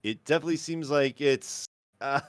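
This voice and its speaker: A man's voice: on the high side, normal speed, smooth, dry recording, clean studio sound. A man running a tabletop game as game master, narrating scenes casually with lots of fillers and laughter. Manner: casual, laughs often, fills with "like".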